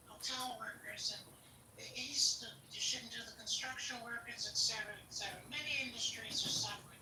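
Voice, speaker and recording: In a heated political podcast debate, a man with an extremely high, sharp voice argues bluntly and combatively, swearing and talking over others. He's off-mic and distant, in an echoey recording with faint noise.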